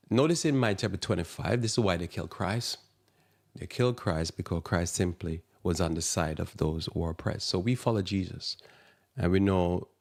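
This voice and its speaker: A man's voice: deep voice, a little mellow. A man hosting a Christian radio talk show, preaching with impassioned rhetorical questions and rambling, restarting phrases. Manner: impassioned, rhetorical questions, voice leaps up when indignant.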